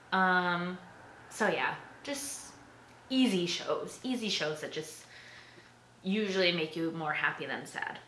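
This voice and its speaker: A woman's voice: on the low side, bright, forceful tone, echoey room, slight background noise. A young woman vlogging casually to her viewers, chatty and giggly, filling her talk with "like" and "um". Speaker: beauty vlogger. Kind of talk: casual chat to camera.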